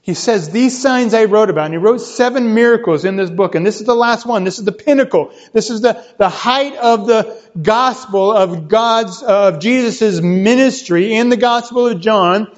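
A man with a high voice delivers a teaching sermon, walking listeners through a passage and tossing in "right?" as he goes. His voice lifts higher when he drives a point home. The recording sounds muffled and lo-fi. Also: normal speed, hardly any pauses. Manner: teaching, often checks with "right?", rises in pitch for emphasis. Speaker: pastor. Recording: dull lo-fi sound.

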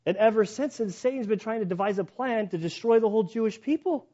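A man's voice: high-pitched, fast talker, mellow. A man giving a conversational sermon, telling a story in a chatty way with many fillers. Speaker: preacher. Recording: muffled, dull recording.

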